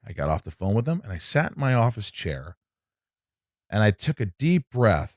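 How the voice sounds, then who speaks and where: A man's voice: on the low side, big pitch swings, moderate pace, no room sound, studio quality. A man, an actor, telling a long story in casual chat, acting out quotes and swearing freely. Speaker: actor guest.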